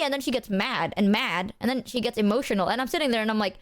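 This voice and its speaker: A woman streamer in casual chat, telling stories in an animated, slangy way. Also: a little high, fast talker, hardly any pauses.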